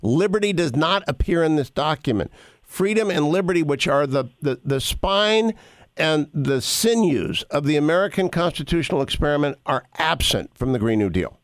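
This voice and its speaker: A man hosting a radio talk show, speaking emphatically and deliberately, reading a document aloud point by point. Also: on the high side, expressive, no room sound, clean studio sound. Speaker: radio host.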